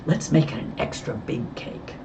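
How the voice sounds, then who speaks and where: A woman's voice: normal speed, noisy background, close to an everyday voice. A woman reading the part of a cheerful, food-loving teenage girl, eager and chatty.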